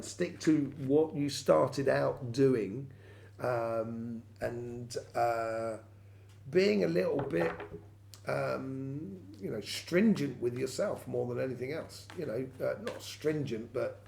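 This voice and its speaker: A man's voice: medium pitch, unhurried, creaky, mellow. A man giving a weekly tarot reading straight to his viewers, rambling with many fillers and restarts. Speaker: tarot reader.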